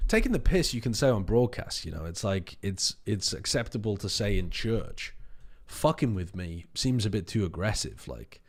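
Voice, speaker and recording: Guy on a stream, lowish voice, rambling crude jokes, chill chat. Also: big pitch swings, normal speed, hardly any pauses. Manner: joking, rambling, crude banter. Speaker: stream host reviewing match recordings. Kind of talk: casual chat.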